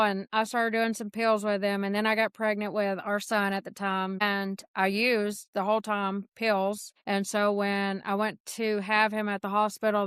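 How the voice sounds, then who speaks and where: Smooth-voiced woman telling her story. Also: mid-range voice, a bit bright, no room sound, clean studio sound. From north Georgia, USA. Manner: frank storytelling, acting out quoted dialogue; emotional, earnest. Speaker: podcast guest. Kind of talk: candid personal testimony.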